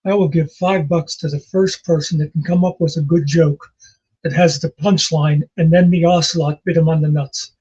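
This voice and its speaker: A man in his sixties with a husky voice, chatting casually as a host and telling rambling jokes and memories. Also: fairly high pitch, fairly even intonation, normal speed, dark tone. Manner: rambling storyteller, laughs at his own jokes. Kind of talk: casual chat. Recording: dull lo-fi recording.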